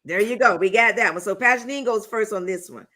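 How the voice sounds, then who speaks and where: Woman, talk show host, chatty, playful, bright tone, mid pitch. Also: quick pace. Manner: chatty and playful, with folksy phrasing. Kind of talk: casual chat, hosting a game.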